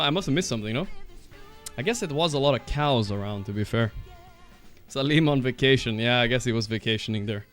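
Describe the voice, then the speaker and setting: A man chatting casually to his stream while walking on a treadmill, a little out of breath, swearing and breaking into loud outbursts. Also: medium pitch.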